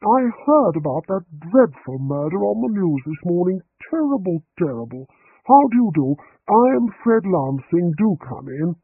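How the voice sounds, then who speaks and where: A man voicing a mild, apologetic older vicar with a gentle, genteel way of speaking, on a tinny recording. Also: high voice, very animated, moderate pace, breathy edge, no echo, pitched above the performer's own voice, heavily acted.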